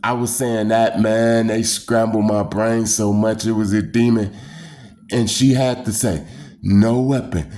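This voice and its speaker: A man's voice: fairly low pitch, unhurried. A man casually telling a personal story in loose, repetitive phrasing, acting out the screams and voices in it. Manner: animated, acts out screams and quoted voices. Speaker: storyteller recounting a personal experience.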